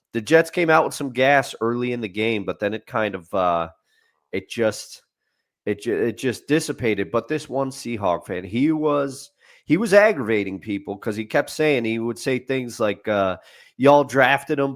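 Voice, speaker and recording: Rambling man in casual sports talk. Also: mid-range voice. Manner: rambling, restarts often, laughs at his own stories. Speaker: podcast co-host.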